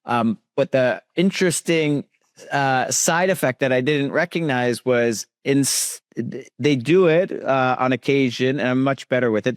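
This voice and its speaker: A man's voice: mid-range voice, no room sound, clean studio sound. A man hosting a podcast interview, talking casually with many fillers and restarts. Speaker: podcast host.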